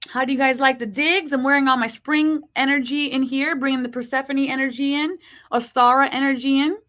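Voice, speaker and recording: A woman hosting a spiritual live stream, her voice sitting a little high. She talks with a slight lisp and an upbeat, chatty manner as she greets viewers and reads oracle cards. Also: steady tone. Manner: slow hushed reading of card messages. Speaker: host. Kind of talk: live-stream horoscope show.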